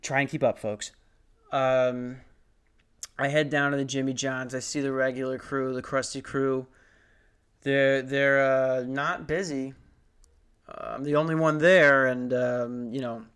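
A man's voice: mid-range voice, fairly even intonation, measured pace, a bit bright, clean tone. A young man doing stand-up, telling a story in a profane, sarcastic rant. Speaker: stand-up comedian.

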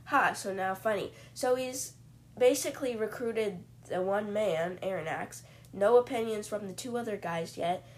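A woman's voice: medium pitch, moderate pace. Chatty woman retelling a book. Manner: chatty, lots of "like" fillers. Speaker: podcast host. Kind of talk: casual book-summary narration.

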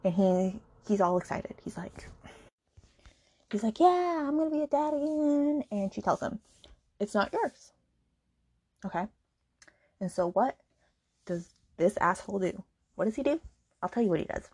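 A woman's voice: mid-range voice, a little mellow, slightly rough, no room sound, clean studio sound. A woman hosting a podcast, talking through a book in a casual, indignant and sarcastic rant, with many asides to the listener. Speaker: podcast host.

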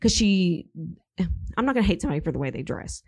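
A woman's voice: medium pitch, big pitch swings, fast. A young woman co-hosting a podcast, chatting casually and filling her talk with "like" and restarts. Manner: chatty, filler-heavy, restarts sentences. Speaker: podcast co-host. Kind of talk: casual chat.

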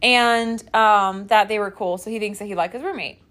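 A woman's voice: mid-range voice, moderate pace. A young woman in her twenties co-hosting a podcast, chatting casually, giggling often and telling stories packed with fillers. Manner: giggly, animated storytelling with lots of fillers. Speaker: podcast co-host. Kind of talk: casual chat.

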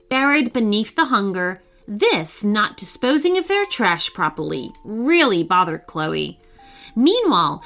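A woman narrating a children's story in a scripted, expressive way with dramatic pauses. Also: fairly high pitch.

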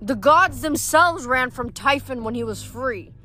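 A woman voicing a slow, gruff blacksmith god. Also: high voice, animated, bright, forceful tone, faint music behind, heavily acted. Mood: grave. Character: gruff male blacksmith god, blunt and wry.

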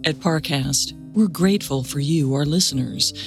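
A woman co-hosting a podcast, narrating a scripted story calmly and clearly. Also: deep voice, moderate pace, faint music behind. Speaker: podcast co-host.

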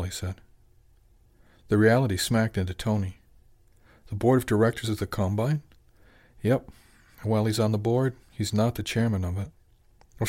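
A man reading a novel aloud as narrator, even in his storytelling and lifting his voice for the characters' lines. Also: on the low side. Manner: even storytelling, lifts into dialogue. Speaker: audiobook narrator. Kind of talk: scripted narration.

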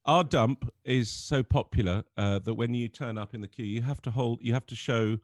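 English comedian type, mid-pitched, lively storyteller, dry close mic. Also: male voice, moderate pace, dry recording. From England. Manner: animated storyteller, laughs through his stories. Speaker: comedian guest. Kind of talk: casual anecdote telling.

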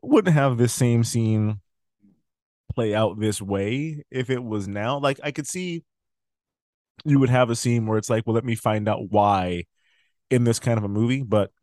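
A man's voice: mid-range voice, a little slow, a little mellow, no echo, studio quality. A man co-hosting a casual film chat, joking and riffing. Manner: joking, riffs on others' lines. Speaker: podcast co-host.

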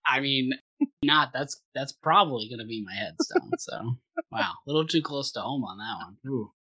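A man co-hosting a podcast in casual chat, animated and thinking aloud in bursts. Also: medium pitch, normal speed, slightly rough, no echo. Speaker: podcast co-host.

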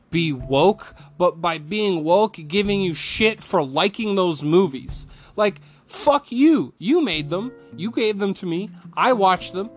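A man ranting angrily about a movie, swearing often and mocking the studio with put-on quotes. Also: sits high. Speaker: film reviewer.

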